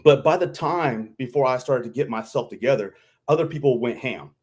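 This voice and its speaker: A veteran from Kentucky, chatting on a live stream and acting out what people said. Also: male voice, medium pitch, brisk, breathy edge. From Kentucky, US South. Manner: animated storyteller, acts out quotes. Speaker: guest, veteran. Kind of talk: casual live-stream chat.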